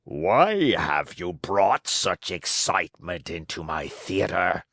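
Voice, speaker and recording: A monstrous storybook theater master, voiced by a man narrator, rumbling slow and very low like an ogre with a cold. The voice has a hard, bright bite to it. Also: big pitch swings, dry recording, full character voice. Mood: menacing. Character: huge fearsome male puppet theater director, ogre-like.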